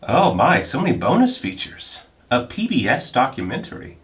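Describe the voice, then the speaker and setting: A man chatting casually while he unboxes films, excitable and jokey, often bursting into high-pitched exclamations. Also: moderate pace. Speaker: film vlogger.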